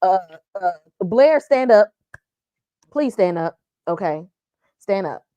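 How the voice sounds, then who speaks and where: A woman's voice: medium pitch, expressive, mellow, no echo, highs cut off. A woman on a casual TV review panel, blunt and slangy. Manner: blunt, slangy, fast talking.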